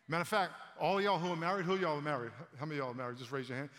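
A man's voice: a little high, very fast, hardly any pauses. Man preaching in a reverberant hall. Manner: animated storytelling, repeats words, addresses the congregation. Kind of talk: conversational sermon with stories.

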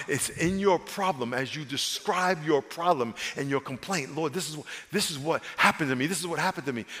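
A man, a pastor, preaching an animated sermon and calling the congregation to repeat phrases back. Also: high voice, big-room sound. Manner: animated preaching with call-and-response.

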